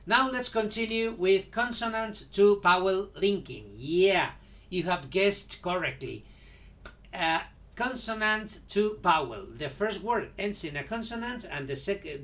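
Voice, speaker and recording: A man with a notably high voice gives an outdoor English pronunciation lesson. He speaks slowly and deliberately and keeps checking that his viewers follow along. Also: a bit bright. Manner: slow, patient explaining with frequent "right?" checks. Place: outdoors near a city landmark.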